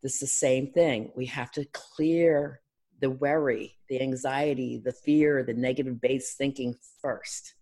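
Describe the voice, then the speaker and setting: Energetic middle-aged woman coach. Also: very deep voice, unhurried, breathy edge. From Philadelphia. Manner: energetic, teacherly, acts out clients' voices. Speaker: life and love coach, counselor. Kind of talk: guest on an interview podcast.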